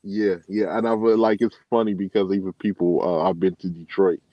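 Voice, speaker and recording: A very deep-voiced man with a Chicago accent tells laid-back stories, full of fillers. The sound is muffled and dull. It is dry, with no room to it. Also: brisk, dry recording. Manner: relaxed storyteller, many fillers. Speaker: truck driver and regular caller. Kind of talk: casual chat.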